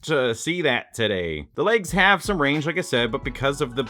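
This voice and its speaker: A man's voice: medium pitch, big pitch swings, moderate pace, pushed and bright, soft background music. A man casually reviewing an action figure, chatty and self-mocking, breaking into exclamations. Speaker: toy reviewer.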